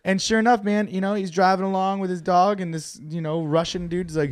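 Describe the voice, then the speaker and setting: A man hosting a podcast in a studio, telling stories in an animated, casual way and laughing often. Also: high voice, a little fast, hardly any pauses, clean tone. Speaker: podcast host. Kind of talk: casual chat.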